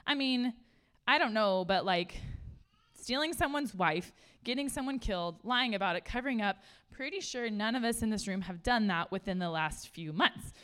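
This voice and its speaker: A woman's voice: medium pitch, normal speed, clear, resonant tone. Chatty woman preaching a casual sermon. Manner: chatty and animated, laughs often, says "like" a lot. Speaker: speaker at a church gathering. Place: room full of listeners.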